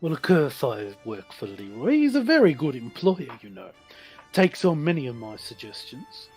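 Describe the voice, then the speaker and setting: A man with an Australian accent voicing a smug, sly male thug henchman who answers in a drawn-out, pompous way. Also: medium pitch, sing-song, darkish tone, slightly rough, soft background music.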